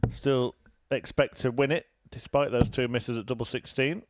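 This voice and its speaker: A man commentating on a darts match in a chatty, relaxed way. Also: medium pitch, normal speed. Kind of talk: live sports commentary.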